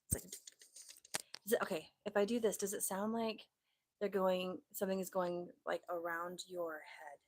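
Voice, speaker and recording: A woman's voice: fairly low pitch, little pitch movement, normal speed, a little hiss or hum. A woman hosting a casual live stream, chatting in an upbeat, loose way with lots of fillers into a desk microphone.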